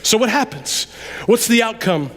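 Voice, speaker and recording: A man preaching a sermon in a church, talking to the congregation in an animated, conversational way that drops suddenly to quiet asides. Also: sits high, normal speed. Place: church sanctuary. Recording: long reverb of a large hall.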